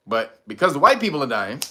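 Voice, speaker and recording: A man hosting casual political commentary, profane and animated, laughing often. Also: fairly high pitch, breathy edge. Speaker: commentary channel host.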